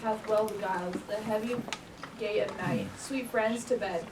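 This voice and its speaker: A woman's voice: medium pitch, moderate pace. A woman reciting verse as a duke on an amateur stage, slipping and restarting lines. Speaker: stage actor as Duke Theseus. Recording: echoey room, distant mic, noisy.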